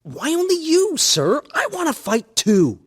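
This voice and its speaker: A woman's voice: high-pitched, huge pitch swings, measured pace, heavily acted. An actress playing an impatient young male cadet who pleads insistently to fight in a game. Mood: pleading.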